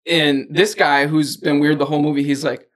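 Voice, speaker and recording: A man's voice: fairly high pitch, flat delivery, normal speed, fairly bright tone. A man co-hosting a podcast, retelling a movie plot in casual chat, rambling with lots of fillers. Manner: rambling storyteller, many fillers like "like" and "or whatever". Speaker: podcast co-host.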